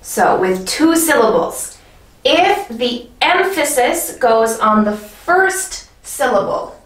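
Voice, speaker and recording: A woman teaching an English grammar lesson in a clear, patient way, often checking in with the viewer. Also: high-pitched, sing-song, slow pace, roomy sound, recorded from a distance, poor audio.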